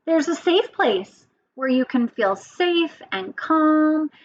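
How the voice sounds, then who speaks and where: A woman teacher telling a story to young children, animated and asking them questions. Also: high voice, slow pace, highs cut off.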